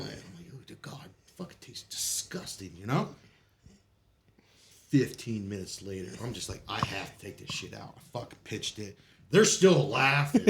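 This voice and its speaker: Laughing, animated, profane male storyteller. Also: medium pitch, creaky, slight background noise. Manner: animated, profane, laughs often while telling stories. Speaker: podcast guest telling war stories. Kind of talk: casual storytelling chat.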